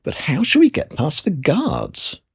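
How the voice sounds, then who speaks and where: A storyteller voicing a sensible, indignant female Christmas elf in a storybook reading, with a husky, high, urgent delivery. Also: wildly swooping pitch, measured pace, full character voice.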